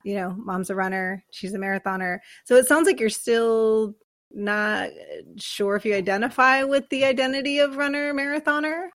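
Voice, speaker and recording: Woman host, warmly hyped interviewer, dead-dry recording. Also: a little high, fairly even intonation, normal speed, no room sound. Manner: enthusiastic, affirming, cheering the guest on. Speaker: podcast host. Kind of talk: casual interview chat.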